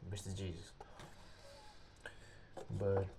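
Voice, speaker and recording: A man's voice: deep voice, little pitch movement, very noisy. A young man, an English speaker, telling a story casually and rambling, searching for words. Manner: rambling, halting, searches for words, acts out quotes loudly.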